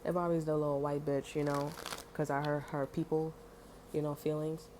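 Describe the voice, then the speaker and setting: A woman's voice: sits low, level tone, moderate pace, warm tone, slight background noise. A woman telling a story in a casual, heated monologue, swearing often and filling her talk with "you know" and "like". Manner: heated, profane, many fillers.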